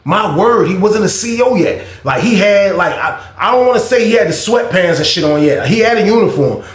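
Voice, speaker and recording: A man telling a personal story in a casual vlog, animated and profane, acting out both sides of the dialogue. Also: high voice, brisk, roomy sound.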